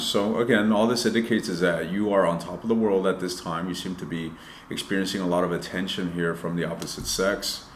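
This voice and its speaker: A man's voice: on the low side, reverberant, slight background noise. A man giving a casual, loose tarot reading, swearing freely and talking straight to his viewers. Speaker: tarot reader.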